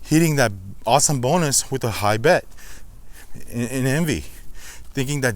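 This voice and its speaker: The host of a slots channel films a casual walk-and-talk vlog outdoors, a little out of breath as he climbs a steep hill. He chats reflectively to his viewers, calling them guys. His mid-range voice is animated and unhurried, with long pauses.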